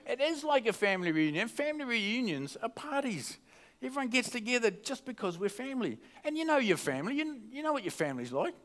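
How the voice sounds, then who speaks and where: Man pastor with a high voice who preaches casually at a church service. He is chatty and jokey and keeps restarting his sentences. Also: big pitch swings, quick pace, a bit bright. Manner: chatty and joking, with many restarts. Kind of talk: casual sermon. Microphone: microphone.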